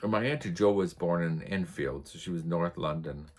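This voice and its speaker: A man's voice: deep voice, normal speed, darkish tone, husky. A man from the United States hosting a casual vlog, telling rambling anecdotes and chuckling as he goes. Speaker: vlog host. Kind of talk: casual storytelling chat.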